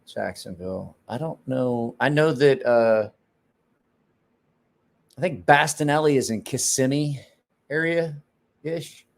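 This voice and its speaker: A man's voice: mid-range voice, slow, creaky, long pauses. A man hosting a knife live stream, casually telling stories with lots of swearing and laughter, then answering viewer chat off the cuff.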